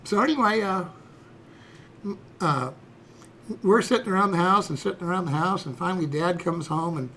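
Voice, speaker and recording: A man in his sixties spins a rambling, folksy story from his own life. His voice sits high and bright for a man, with a gravelly edge. A faint hiss runs under the recording. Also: normal speed, pauses often. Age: 60s. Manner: rambling, folksy, fillers like "you know" and "okay". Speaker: streamer. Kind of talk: personal storytelling.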